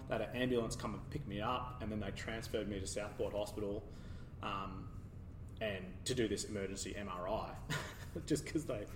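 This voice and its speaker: A man telling a hospital story in casual chat, growing animated and laughing as he goes. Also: medium pitch. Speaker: podcast guest. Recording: roomy, distant, faint background noise.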